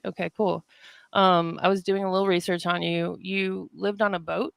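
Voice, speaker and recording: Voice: mid-range voice, flat delivery, moderate pace, vocal fry, smooth, dry recording. A podcast host running a casual interview, laid-back and upbeat, greeting listeners with hype.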